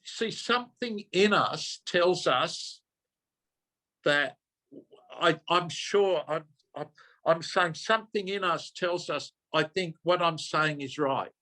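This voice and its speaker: Slow-talking older man. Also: a little high, pushed and bright. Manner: earnest, repeats himself, self-interrupting. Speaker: minister giving a talk. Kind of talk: personal storytelling talk.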